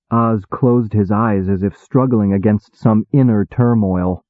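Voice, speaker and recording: A man reading first-person audiobook narration in a measured, wry manner. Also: lowish voice, fairly even intonation, dry recording. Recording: tinny phone-like dry sound.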